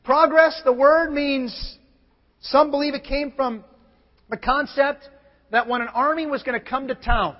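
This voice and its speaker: Man, pastor, animated storytelling sermon, large church hall, dull lo-fi recording. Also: extremely high pitch, a little slow. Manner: animated, acts out other people's lines, builds to shouts. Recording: long hall reverb, dull lo-fi sound.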